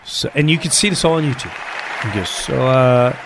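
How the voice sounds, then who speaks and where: Animated high-voiced man telling a story. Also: quick pace, a crowd in the background, background noise. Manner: animated, acts out voices, swears. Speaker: comedian guest. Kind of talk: storytelling chat.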